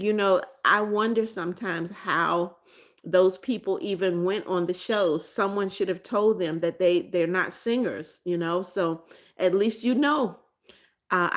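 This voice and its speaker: With a mid-range voice, a middle-aged American woman hosts a relaxed livestream. Between bits of chat she reads viewer comments aloud, repeatedly echoing greetings and names.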